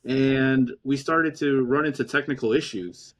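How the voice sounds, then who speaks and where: Man, podcast host, mid pitch, rambling recap, casual. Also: unhurried. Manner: storytelling, running recap. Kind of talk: casual chat.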